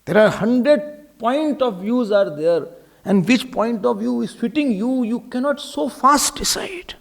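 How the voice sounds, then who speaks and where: A man's voice: extremely high pitch, animated, measured pace, creaky. A man with an Indian English accent giving a sermon as a swami, repeating key phrases for emphasis and slipping Hindi words into his English. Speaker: swami giving a spiritual talk.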